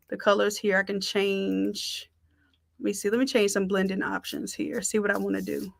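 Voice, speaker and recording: A woman's voice: medium pitch, steady tone, unhurried, gravelly, sharp tone, no echo, studio quality. A woman giving a live-streamed design tutorial, chatting with viewers and calling them y'all. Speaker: design instructor.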